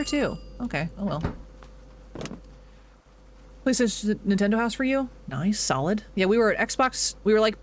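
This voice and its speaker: A young man streaming a video game, chatting casually with his chat while he plays, animated and self-mocking. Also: high voice, slight background noise.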